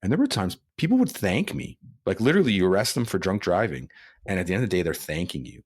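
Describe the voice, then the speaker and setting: A man's voice: sits low, very animated, quick pace, slightly rough, dry recording, studio quality. A man, a police officer and author, speaking earnestly as a podcast guest, rising when he quotes what he told people. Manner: earnest, speeds up and rises when quoting himself. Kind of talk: podcast interview.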